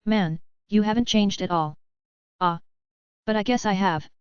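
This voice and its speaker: Woman doing a pleading male wolf beastkin, very clear, dry and slightly dull. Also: medium pitch, unhurried, no room sound, close to an everyday voice. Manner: pleading, insistent. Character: big tough male wolf beastkin, earnest.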